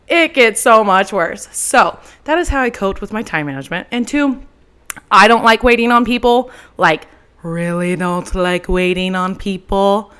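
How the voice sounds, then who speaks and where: A woman's voice: medium pitch, fairly bright tone. A woman in her twenties from Texas, hosting her own podcast and talking casually into a handheld mic, chatty and frank with the odd swear word. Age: 20s. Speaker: podcast host. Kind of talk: casual solo monologue. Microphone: handheld microphone.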